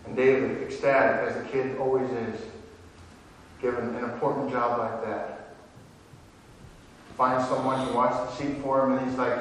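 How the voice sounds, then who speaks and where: A man's voice: mid-range voice, level tone, moderate pace, slight background noise. A man preaching a sermon, telling a Bible story in a folksy way and reading scripture aloud. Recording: echoey hall from far off.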